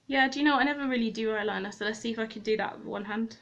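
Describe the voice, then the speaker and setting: A young woman talks through her makeup routine in a loose, rambling way, with a fairly high voice. She makes fun of herself and talks straight to viewers from her desk at home. The sound is a little dull and lo-fi. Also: racing, a bit bright. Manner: rambling and self-deprecating, chatting to viewers while working. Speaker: beauty vlogger. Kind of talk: chatty get-ready-with-me vlog. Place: room at home, at a desk with a mirror.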